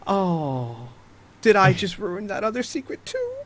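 A man's voice: sits high, huge pitch swings, measured pace, a loud crowd, pitched above the performer's own voice, heavily acted. A man voicing a bitter, vengeful woman knight who spits out taunting words at an old friend.

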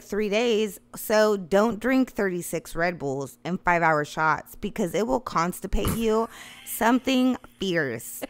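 Woman in her 30s spinning a wild road-trip story, cussing a lot, laughing, middle pitch. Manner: profane, animated, laughing. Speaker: storyteller guest. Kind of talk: casual storytelling.

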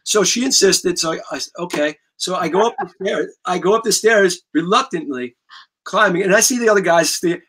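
Bright-voiced New man telling stories. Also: sits high, brisk, husky. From New York. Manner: animated, profane, rambling with restarts. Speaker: guest musician. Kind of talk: casual storytelling.

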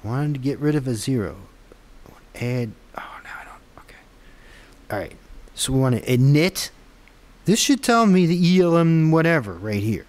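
Here an app developer vlogger debugs his own app on camera in a casual screen recording, rambling and muttering to himself with frustrated, self-deprecating remarks. His mid-range voice is animated, at normal speed, with a darkish tone.

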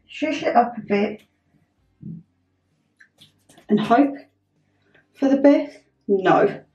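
Young woman, vlogger, casual chat, flustered, self-mocking, fairly high-pitched. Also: expressive, extremely slow, pauses often, darkish tone, highs cut off. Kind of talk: casual getting-ready vlog chat. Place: at home getting ready.

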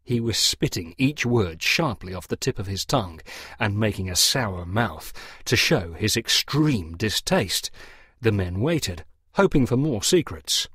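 A man narrating a story as an audiobook in a lively, expressive way. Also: on the low side, measured pace, slightly rough, dry recording, studio quality.

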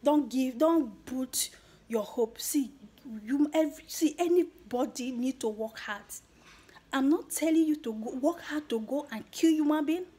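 A YouTuber with a Nigerian accent gives her viewers an earnest motivational talk, slipping into Pidgin phrases along the way. Her voice is high-pitched, warm and unhurried. She grows emotional and is close to tears by the end.

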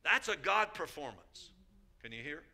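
Bishop guy preaching, fairly high voice, really sharp and cutting, keeps hammering phrases and asking the crowd if they hear him. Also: sing-song, normal speed, creaky. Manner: emphatic, repeats key phrases, calls out to the congregation. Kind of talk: sermon.

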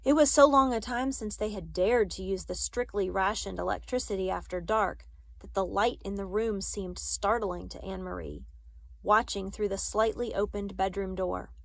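A woman's voice: medium pitch, fairly even intonation, moderate pace, creaky, no room sound. Dry, close woman reading aloud. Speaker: audiobook reader. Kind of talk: reading a children's novel aloud.

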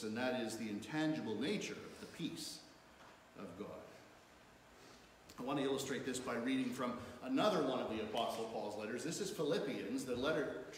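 Animated male preacher in an echoey church. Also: mid-range voice. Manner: expressive preaching, rising emphasis on scripture quotes. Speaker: pastor. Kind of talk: sermon. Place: church sanctuary. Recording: echoey church hall, faint room noise.

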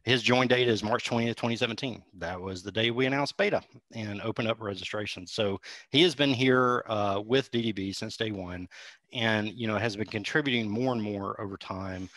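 Low bright-voiced man explaining on a stream. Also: normal speed, no echo. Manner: friendly, explanatory, with many fillers. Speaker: engineering executive guest. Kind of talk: casual stream chat.

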